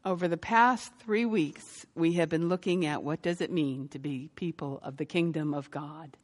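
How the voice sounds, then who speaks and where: A woman pastor giving a sermon and telling a story, growing lively as she recounts it. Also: deep voice, normal speed, big-room sound. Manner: storytelling, lively when quoting.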